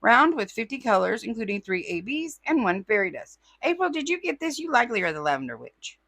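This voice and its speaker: A woman from California reads viewer comments aloud in a relaxed, chatty way, adding her own asides. Her voice is bright and forward. It sits close and dry, with no room sound around it. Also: a little high, brisk, no echo. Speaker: host reading viewer comments. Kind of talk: casual chat.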